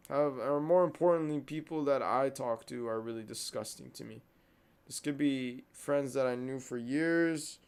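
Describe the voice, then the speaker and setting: A man's voice: medium pitch, a little mellow, clean tone. A young man hosting a podcast, venting in a casual monologue, heated and repeating himself. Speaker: podcast host.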